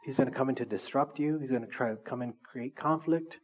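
A male pastor preaching a conversational sermon, animated and full of asides to the congregation. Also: mid-range voice, fast, slightly rough, lo-fi sound.

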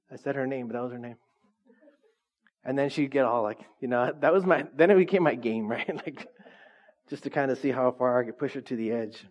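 A man preaching a conversational sermon, animated and chatty, often laughing and asking the congregation questions. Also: medium pitch, fairly quick. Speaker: pastor.

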